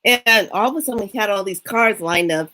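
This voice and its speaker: A middle-aged woman telling a story in a casual monologue, unhurried and animated, acting out what people said. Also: medium pitch. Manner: unhurried, animated retelling with acted-out quotes. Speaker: spiritual reader and vlogger.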